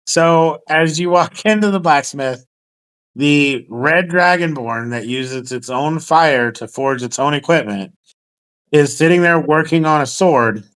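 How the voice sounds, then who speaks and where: A man's voice: fairly high pitch, unhurried, fairly bright tone, smooth, rough recording. A man running a tabletop game as dungeon master, laid-back and casually swearing.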